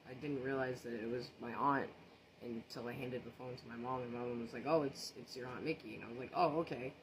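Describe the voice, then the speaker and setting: A man's voice: medium pitch, fairly even intonation, quick pace, background noise. A man casually telling a story, rambling with many fillers and restarts.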